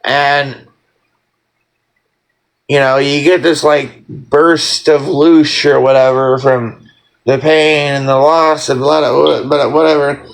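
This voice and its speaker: Give me a man with a slow, drawling delivery ranting sarcastically and swearing a lot. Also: a little high, steady tone, gravelly, rough recording. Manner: sarcastic, profane, mock-scolding; rambling with many fillers. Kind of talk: casual ranting monologue.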